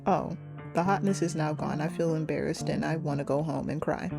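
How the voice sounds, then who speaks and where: A young woman reading a story game aloud and reacting in an animated, giggly, slangy way. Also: low voice, brisk, creaky, over music. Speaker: gamer playing a story game.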